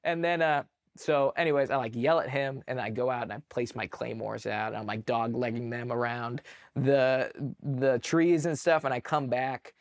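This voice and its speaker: A man from California, an army veteran guest telling a story casually, animated, with many fillers and swearing. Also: medium pitch, moderate pace. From California, USA. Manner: animated, filler-heavy, profane.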